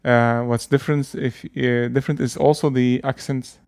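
In a dry recording, a language teacher with a medium-pitched, clear, resonant voice carrying vocal fry and a darkish tone explains something casually. His tone stays level at a normal speed, yet he hesitates, restarting often and filling gaps with fillers.

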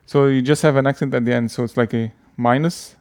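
A man's voice: mid-range voice, fairly even intonation, fairly quick, a little mellow, no room sound. Hesitant man explaining, dry sound. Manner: hesitant, many fillers and restarts. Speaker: language teacher. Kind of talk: casual explaining.

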